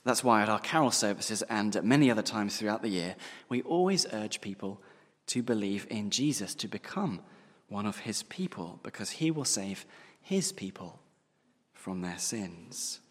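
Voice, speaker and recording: A man delivers a sermon in a lowish voice, leaning hard on single words and slowing down to drive each point home. His voice carries a long reverb, as if recorded in a large church hall. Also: animated, husky. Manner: emphatic, slowing down to stress key words. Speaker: preacher.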